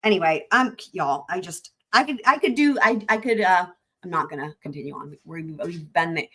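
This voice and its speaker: A woman's voice: on the low side, moderate pace, a bit bright, husky. A woman hosting a livestream, giggly and profane as she rambles in casual commentary. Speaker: livestream host. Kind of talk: casual commentary on trial clips.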